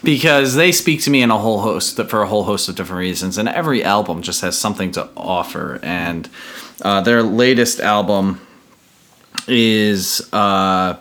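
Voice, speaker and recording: A man's voice: fairly low pitch, a bit bright. A man hosting a podcast in casual chat, earnest and reflective, often restarting his sentences. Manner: halting, many restarts and fillers. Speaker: podcast host.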